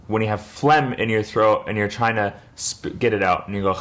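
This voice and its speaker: A man's voice: lowish voice, normal speed, hardly any pauses, fairly bright tone. A young man teaching a word's pronunciation in a patient lesson, repeating each sound for the listener to copy. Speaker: language teacher.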